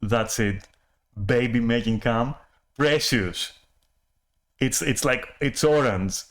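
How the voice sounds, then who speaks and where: A man's voice: mid-range voice, slow pace, a bit bright. A man talking in a casual rambling monologue, often apologizing, laughing and swearing as he restarts his sentences. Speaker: channel host.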